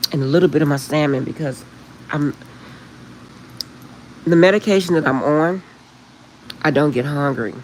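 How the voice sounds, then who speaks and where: A middle-aged woman chatting casually with live viewers on her phone, rambling warmly and laughing often. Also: low-pitched, slight background noise, poor audio. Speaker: livestream host.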